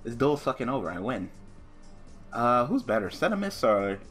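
Young guy narrating his card game, swears a lot, rambles, mid pitch voice. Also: big pitch swings, normal speed, fairly bright tone, soft background music. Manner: profane, ranting, rambling with restarts. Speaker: gaming YouTuber. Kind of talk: casual card-game commentary.

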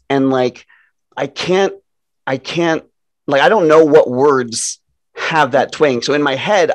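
Joking male podcast co-host. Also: medium pitch. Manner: joking, halting restarts, laughs mid-sentence. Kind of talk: casual chat.

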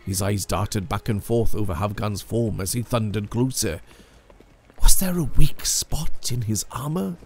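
Male storyteller, slow and gravelly, measured dramatic delivery of a legend. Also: on the low side, slight background noise. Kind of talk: scripted narration of a legend.

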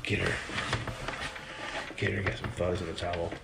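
A man's voice: level tone, normal speed, vocal fry, heavy background noise. Chatty man narrating his puppies' playtime. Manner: chatty, coos in a high voice at the puppies. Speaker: dog breeder filming his puppies. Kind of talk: casual running commentary to viewers.

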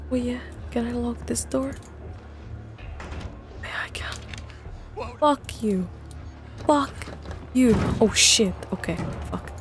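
A young woman live-streams a horror game, giving gameplay commentary to her chat full of jumpy remarks and plenty of swearing. Her voice is on the high side with a darkish tone.

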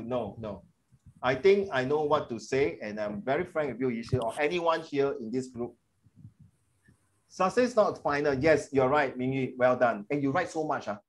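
A middle-aged man, a teacher giving animated, emphatic feedback to his class and slipping into Mandarin phrases. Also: on the high side.

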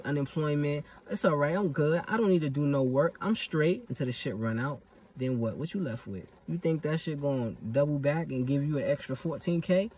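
A man's voice: medium pitch, a little mellow, distant mic, slight background noise. A young man talking in a casual vlog monologue, emphatic and profane, full of street slang. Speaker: vlogger.

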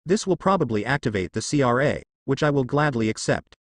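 A man voicing a cold, arrogant young male ninja clan head in a fan story reading, with a flat, mocking delivery. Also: mid-range voice, fairly quick, dry recording, studio quality.

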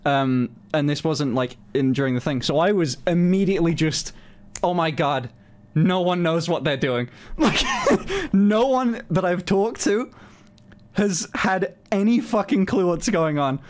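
A man telling a story on his stream in a casual, animated way, swearing often and filling his talk with "like". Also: fairly high pitch, a little slow. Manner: animated, swears a lot, many fillers.

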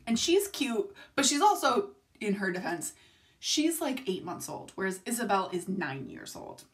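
A woman's voice: mid-range voice, sing-song, normal speed. A young woman vlogging casually from home at night, rambling through tangents and swearing often. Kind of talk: casual confessional vlog. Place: home room, filmed at night.

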